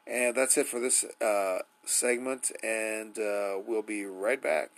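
Lowish-voiced man, nervous and sleepy. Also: steady tone, takes it slowly, rough recording. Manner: rambling, hesitant, many fillers and restarts; nervous, apprehensive. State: sleepy, yawning. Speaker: podcast host. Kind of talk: casual solo monologue.

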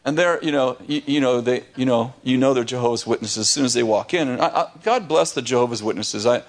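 A man who is a pastor, telling a lively story on a podcast, laughing often and restarting his sentences. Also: mid-range voice, quick pace.

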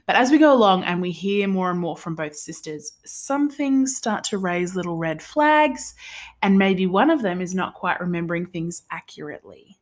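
A woman's voice: fairly low pitch, expressive, moderate pace. Giggly Australian woman chatting books. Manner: giggly, rambling, self-deprecating. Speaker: podcast co-host. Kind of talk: casual chat.

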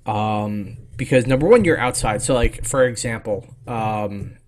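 A man's voice: on the low side, a little slow. A young man hosting a casual history podcast from home, laid-back, rambling and jokey. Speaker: podcast host.

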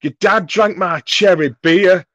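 A man voicing a sheltered fifteen-year-old boy, using a high, loud, drawn-out outraged whine. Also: no echo. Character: sheltered teenage boy, about fifteen, indignant.

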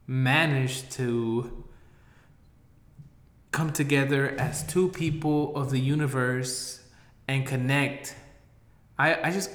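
A man telling a rambling, profane story, blunt and swinging between loud outbursts and low mutters. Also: echoey room.

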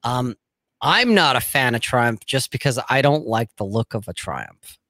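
Middle-aged male co-host, blunt and profane, mid-pitched voice, dry close sound. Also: lively intonation, measured pace, pushed and bright, dry recording. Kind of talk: casual chat.

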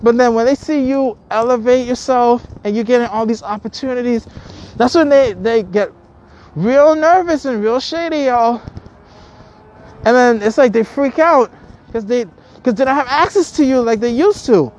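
Addressing her viewers, a woman vlogger rants angrily, swearing all the time, going over the same things again and stumbling into restarts. Her voice is a little high with a darkish tone, delivered at a moderate pace.

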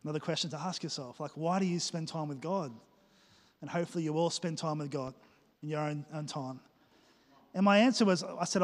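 A male pastor, preaching a lively sermon and joking as he acts out little scenes for the congregation. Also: on the high side, normal speed, long pauses. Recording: reverberant church hall.

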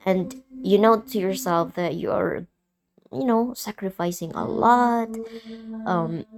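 This podcast host is a young Filipino woman with American and British touches in her accent, sharing personal things openly and emotionally. Her pitch is medium and her tone darkish, and she keeps pausing and restarting.

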